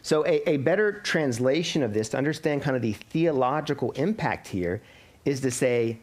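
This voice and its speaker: A man's voice: medium pitch, animated, normal speed. A man in his thirties preaching a sermon as a pastor, explaining scripture and posing rhetorical questions to his congregation.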